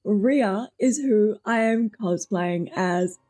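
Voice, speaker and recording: A woman's voice: mid-range voice, slow. Gushing Australian woman gaming streamer. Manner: gushing, excitable, reads game lines aloud. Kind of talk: game playthrough commentary. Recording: faint music in the background.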